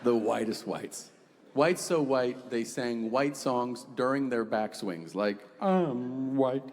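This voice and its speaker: A man's voice: mid-range voice, slow. A man in his forties performing a stand-up comedy set, acting out characters with shifting voices on a handheld mic in a large theater. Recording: echoey theater hall with crowd noise.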